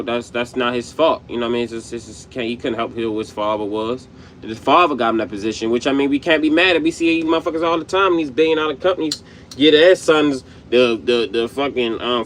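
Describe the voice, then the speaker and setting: A man's voice: medium pitch, fairly bright tone, a little hiss or hum. A man hosting his own show, reacting to clips in loose slangy talk with many fillers. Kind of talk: casual commentary.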